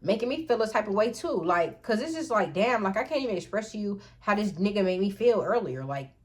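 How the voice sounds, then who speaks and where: Woman vlogger, frank storyteller, very expressive intonation. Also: medium pitch, fairly quick. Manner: animated, profane, talks straight to viewers. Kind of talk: casual storytime.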